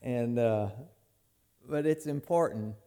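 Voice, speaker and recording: A man's voice: medium pitch, slow, dark tone, smooth. A man preaching a sermon as pastor in a church, folksy and conversational, often restarting his phrases.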